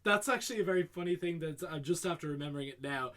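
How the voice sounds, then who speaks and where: Man, co-host, fast casual film chat, bright, a bit high. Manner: quick, laughing, acts out movie lines. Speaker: podcast co-host.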